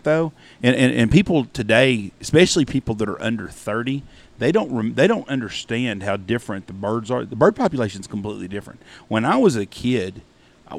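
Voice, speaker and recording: A man's voice: medium pitch, creaky. A man in his fifties hosting a casual podcast chat, earnest and explaining at length. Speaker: podcast host.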